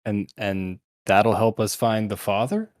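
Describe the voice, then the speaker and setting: A man's voice: lowish voice, unhurried, no echo, clean studio sound. A playful man chatting and narrating his character at a tabletop role-playing game. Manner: playful, laughs often. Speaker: player.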